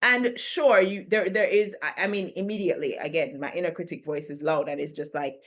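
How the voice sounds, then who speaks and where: A woman in her thirties talking casually to camera, chatty and quick to laugh, often repeating words as she rethinks a sentence, with slangy turns of phrase. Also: on the low side, steady tone, fairly bright tone. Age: 30s. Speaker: video creator. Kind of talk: casual direct-to-camera talk.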